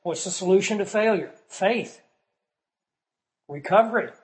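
A man teaching scripture in sermon style, asking the listeners questions and swinging from soft to loud for emphasis. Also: sits high, a little slow, poor audio. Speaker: Bible teacher.

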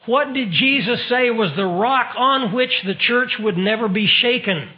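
A man's voice: very high voice, a little slow. A man preaching a sermon in an emphatic style, asking the audience rhetorical questions. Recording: dull lo-fi recording.

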